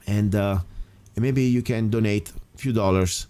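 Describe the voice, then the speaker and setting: Emphatic talk radio host, lowish voice. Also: male voice, moderate pace, warm tone, smooth. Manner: emphatic, rambling with restarts. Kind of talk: casual talk radio monologue.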